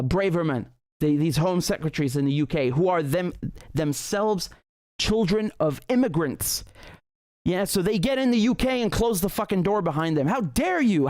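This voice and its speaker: A man's voice: high-pitched, a little mellow, no room sound, studio quality. A man hosting a livestream political commentary show, ranting heatedly with profanity and frequent restarts. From Britain.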